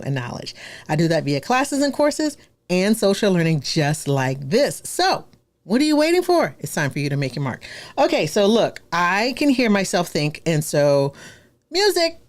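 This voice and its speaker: A woman hosting a live stream as a branding coach, bubbly and exclamatory, full of slangy asides and repeated excited exclamations. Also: on the low side.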